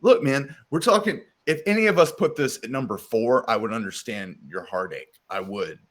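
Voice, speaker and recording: A man's voice: medium pitch, expressive, normal speed, a bit bright. A man co-hosting a casual podcast, talking emphatically and swearing freely, calling the others dude and man. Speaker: podcast co-host. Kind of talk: casual chat.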